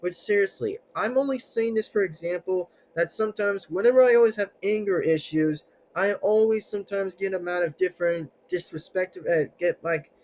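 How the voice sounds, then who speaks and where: A man with a high-pitched voice rants casually to his viewers. He sounds agitated and defensive, and his sentences ramble and loop back with fillers and restarts. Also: moderate pace, hardly any pauses, a little mellow, a little hiss or hum, low-quality recording. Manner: rambling, restarts, many fillers and tangled phrasing. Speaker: channel owner. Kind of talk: casual vlog rant to camera.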